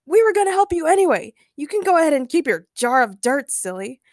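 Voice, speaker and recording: Woman doing an eager young guy, teasing, excitable, high voice, dry close recording, storybook reading. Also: fairly quick, no echo. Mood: excited.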